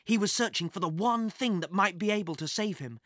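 A narrator reading a children's adventure story with lively, dramatic pacing. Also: mid-range voice, brisk, no room sound, clean studio sound.

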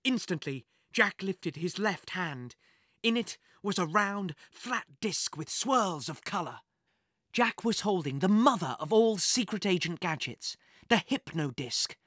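A narrator reading a children's adventure story with lively, dramatic pacing. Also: mid-range voice, measured pace, no room sound, studio quality.

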